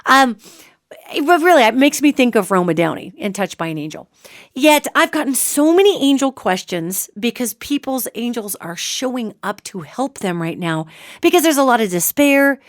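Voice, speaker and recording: A woman's voice: fairly high pitch, expressive, moderate pace, dry recording, studio quality. A middle-aged woman hosting a solo podcast, talking earnestly and chattily to her listeners. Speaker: psychic podcast host.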